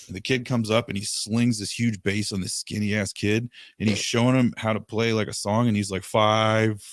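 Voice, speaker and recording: A man telling a long rambling story in casual podcast chat, swearing freely and dropping into quick impressions of the people he talks about. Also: lowish voice, steady tone, no room sound, clean studio sound. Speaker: podcast host.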